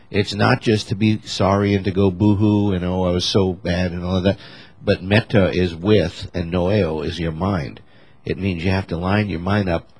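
Male co-teacher, very low and husky, calmly explains scripture step by step. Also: no echo. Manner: explanatory, spells out word meanings step by step. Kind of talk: conversational Bible teaching.

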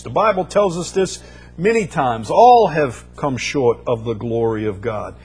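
A man's voice: on the high side, very animated, measured pace, darkish tone, breathy edge, faint music behind. A man preaching a sermon, building emphasis through repeated phrases and rising bursts. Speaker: pastor.

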